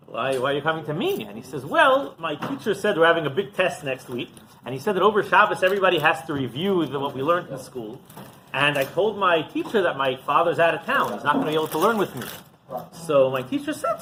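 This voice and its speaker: A man's voice: on the high side, slight background noise, low-quality recording. A man, a rabbi, giving a Torah class and telling stories, often asking the audience rhetorical questions. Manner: animated storyteller, asks the audience rhetorical questions.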